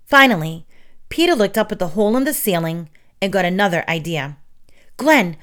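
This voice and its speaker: A woman reading children's stories aloud in an expressive, dramatic way. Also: on the low side, fairly quick. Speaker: storyteller.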